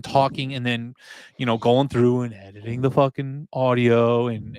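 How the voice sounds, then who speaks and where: A man's voice: on the high side, no room sound. A man hosting a casual live-stream podcast, earnest and profane, with a half-joking announcer delivery. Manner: earnest, swearing, mock announcer tone. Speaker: podcast host.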